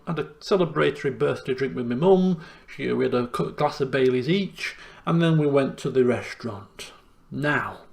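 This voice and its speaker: A chatty young man talks through his week in a casual diary vlog, lively and self-deprecating. His voice sits a touch high and carries a gravelly edge. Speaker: vlogger.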